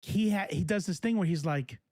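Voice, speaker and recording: A man's voice: high-pitched, fairly quick, a little mellow, no echo, clean studio sound. A man hosting casual political commentary, talking in a rambling, profane way with many fillers and restarts. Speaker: host.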